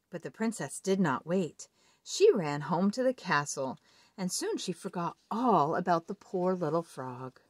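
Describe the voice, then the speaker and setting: A woman reading a children's picture book aloud in an expressive read-aloud delivery. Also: fairly low pitch, a little slow, no echo, clean studio sound. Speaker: storybook reader.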